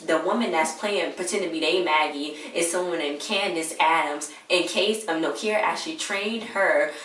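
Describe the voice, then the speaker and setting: A woman with a low, slightly bright voice casually recaps a TV episode at a moderate pace, chatting away and retelling scenes with quoted lines. She sounds far from the mic in an echoey room.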